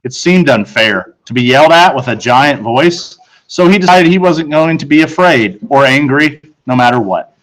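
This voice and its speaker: A man, a teacher, narrating a children's novel aloud in a steady storytelling voice that picks up speed in tense moments. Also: medium pitch, moderate pace, rough recording.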